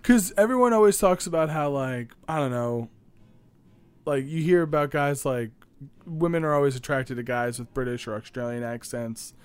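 Lively, joking young man. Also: mid-range voice, normal speed, clear, resonant tone. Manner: joking, animated, laughs often. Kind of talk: casual banter.

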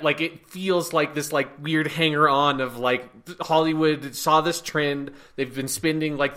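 A man's voice: on the high side, bright, forceful tone. A man co-hosting a podcast, chatting casually in a rambling, sarcastic way with lots of filler words. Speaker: podcast co-host. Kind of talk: casual chat.

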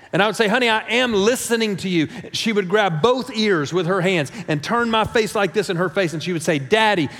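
A middle-aged male pastor with a high voice preaches to his church, building to emphatic peaks and tossing in rhetorical "right?" checks. He often stumbles and repeats words as he starts a phrase. His voice carries a long reverb from the large sanctuary. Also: a bit bright. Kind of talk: sermon.

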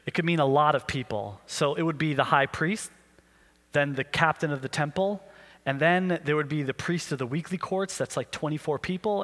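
A man preaching a sermon as pastor, telling the story in an animated way and acting out the questions people ask. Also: medium pitch, in a large hall.

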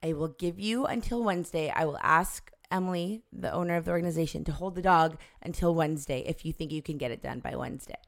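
A woman in her forties tells a family story in relaxed conversation, slipping into the voices of the people she quotes. Her voice sits a little low for a woman. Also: quick pace, creaky, few pauses. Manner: animated storyteller acting out quoted dialogue. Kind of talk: casual storytelling chat.

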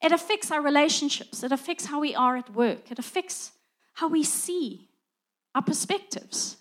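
A woman's voice: high-pitched, moderate pace, fairly bright tone. A middle-aged woman preaching a conversational sermon, acting out little dialogues as she goes.

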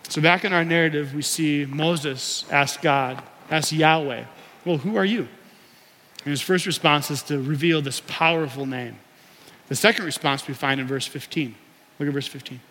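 A man's voice: a little high, sharp tone. A young man preaching a sermon, teaching and having the congregation repeat words after him. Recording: long hall reverb.

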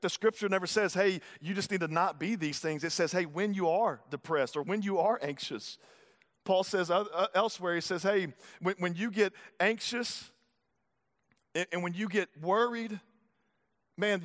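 A man in his thirties with a Southern American accent, preaching a sermon in a conversational, folksy way, at times dropping to a soft, low voice for emphasis. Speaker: pastor. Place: church sanctuary. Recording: long hall reverb.

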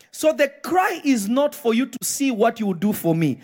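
A man preaching a live sermon in a church, reading scripture slowly and then breaking into impassioned shouts. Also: very high-pitched, big pitch swings. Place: church sanctuary.

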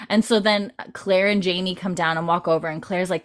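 A young woman in casual chat, rambling through a retelling with many fillers and acting out lines in a higher voice. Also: fairly even intonation, fairly quick. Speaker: podcast host recapping a TV episode.

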